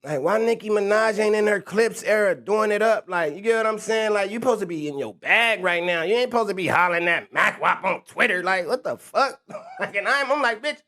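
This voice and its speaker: A man's voice: sits high, expressive, fairly quick, pushed and bright. A young man ranting on a livestream, stammering and restarting his phrases, breaking off to laugh. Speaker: rapper on a livestream. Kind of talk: rambling livestream rant.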